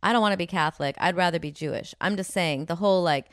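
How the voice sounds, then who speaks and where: A woman's voice: on the low side, quick pace, fairly bright tone, no room sound, clean studio sound. A woman co-hosting a comedic podcast, speaking bluntly and frankly and giggling often. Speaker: podcast co-host. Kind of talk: comedic casual chat.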